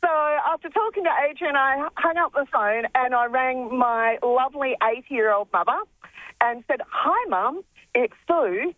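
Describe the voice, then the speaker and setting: Aussie woman, 50s, phone caller, slightly high, hesitant storyteller. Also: moderate pace, dry recording. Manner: hesitant, many "um"s. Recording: tinny phone line.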